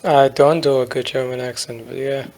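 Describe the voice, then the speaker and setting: A man's voice: mid-range voice, fairly even intonation, normal speed, darkish tone. A man co-hosting a podcast, chatting casually with crude, sarcastic humor and lots of filler. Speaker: podcast co-host. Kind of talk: casual chat.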